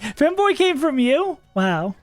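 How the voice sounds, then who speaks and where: A streamer in casual livestream commentary, thinking aloud about game strategy, chatty and quick to laugh. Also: sits high, very animated, no echo, faint music behind.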